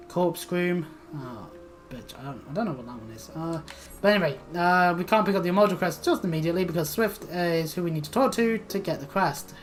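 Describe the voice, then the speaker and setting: A woman streamer giving rambling, filler-heavy gameplay commentary that often trails off quietly. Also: lowish voice.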